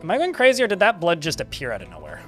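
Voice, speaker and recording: A man talks through his game in a loose, chatty way, with frequent laughs and a bit of swearing. His voice sits a little high and bright, and it moves lively up and down. Faint music plays behind him. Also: rapid-fire. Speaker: streamer playing a game. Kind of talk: casual gameplay commentary.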